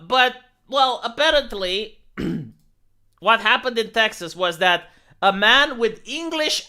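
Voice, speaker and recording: Sharp-voiced streamer man. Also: high voice, clean tone. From Romania. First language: Romanian. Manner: rambling, sarcastic, many restarts. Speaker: live streamer. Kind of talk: casual live stream commentary.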